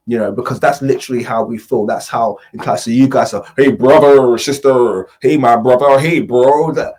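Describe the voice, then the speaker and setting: A man's voice: medium pitch, a little mellow, husky. A man hosting an opinion commentary vlog from his home studio, emphatic, repetitive and confrontational. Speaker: host.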